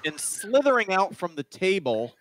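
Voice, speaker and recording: A man running a tabletop game over a video call, narrating in a halting way with many restarts. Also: high-pitched, very animated, fairly bright tone, no echo. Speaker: game master. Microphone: video call mic.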